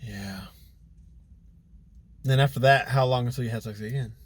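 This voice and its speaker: A young man co-hosting a casual podcast over drinks, animated and acting out quotes with laughter. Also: medium pitch, moderate pace, breathy edge, dry recording. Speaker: podcast co-host.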